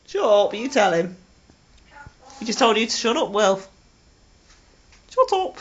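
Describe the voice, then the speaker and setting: A woman's voice: a little high, very animated, unhurried, long pauses. A woman at home, playfully chatting to her pets in cooing baby talk and teasing them, filmed on a home camcorder. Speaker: pet owner filming her parrots. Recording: dull, slightly hissy home video.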